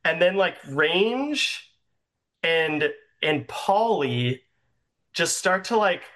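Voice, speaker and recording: Brief: young man running a tabletop game, slow rambling narration, slightly high, bright voice. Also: lively intonation. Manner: rambling, many fillers. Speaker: game master.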